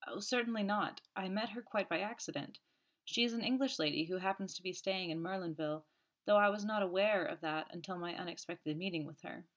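A woman's voice: on the low side, fairly quick, natural voice. A woman voicing a flustered male army captain who speaks meekly and apologetically. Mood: sheepish. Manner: meek, apologetic.

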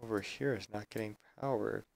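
Low-voiced man thinking aloud while gaming. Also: a little fast, gravelly, no room sound. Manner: thinking aloud, chatty and self-correcting. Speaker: streamer. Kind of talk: live gameplay commentary.

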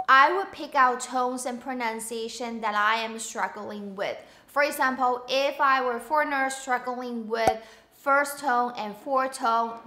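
Upbeat bright woman teaching Mandarin. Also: sits high, reverberant. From Taiwan. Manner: clear, upbeat, slows to model words and tones. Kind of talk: online language lesson to camera.

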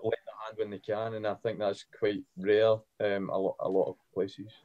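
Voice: low voice, level tone, moderate pace, dark tone, muffled recording. A musician guest speaking hesitantly, with ums, in a casual panel chat.

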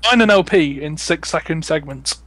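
A man joining a casual gaming podcast as a guest and trading quick jokes. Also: fairly high pitch, animated, fairly bright tone, dry recording. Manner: joking, quick quips.

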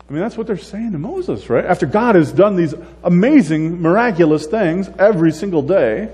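A man's voice: high-pitched, normal speed, few pauses, in a large hall. A man giving a conversational sermon as a pastor, acting out the voices of the people in his story. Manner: conversational, animated, acts out voices of complainers.

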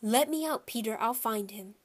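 A woman voicing a calm, firm father of two boys in a children's storybook, speaking steadily and plainly. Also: a little high, normal speed, natural voice.

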